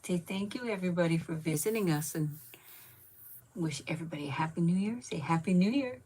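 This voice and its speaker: Husky lady in her 50s, chatty, coos at her pet and thanks viewers. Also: fairly low pitch, animated, a little fast, darkish tone. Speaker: channel host. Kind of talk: casual live chat.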